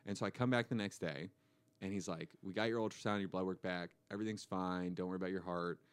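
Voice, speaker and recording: A young man co-hosting a podcast, telling a story in a deadpan way and acting out the dialogue. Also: deep voice, fast talker, smooth. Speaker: co-host. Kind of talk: casual storytelling chat.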